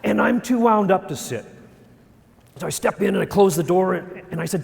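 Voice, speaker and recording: Middle-aged guy telling stories on stage, gravelly voice, bit high, long hall echo. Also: moderate pace. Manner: animated, self-deprecating storyteller. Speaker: speaker. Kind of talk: storytelling talk on stage.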